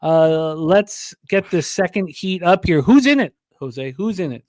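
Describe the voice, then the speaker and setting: A man co-hosting a casual sports-betting show, chatting and calling virtual horse races with rising excitement. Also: high-pitched, unhurried, no room sound, clean studio sound. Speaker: co-host. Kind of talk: casual chat and horse-race commentary.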